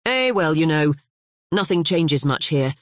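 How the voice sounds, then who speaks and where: Narrator puts on a male Swiss-Italian professor, jokey, easygoing, pitched up. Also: expressive, measured pace, a bit bright, no room sound, studio quality. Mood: joking.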